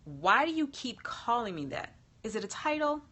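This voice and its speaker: A man's voice: extremely high pitch, normal speed, husky, voice pushed up, exaggerated voice. Woman reading as a stammering eager young man. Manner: stammering, excitable questions.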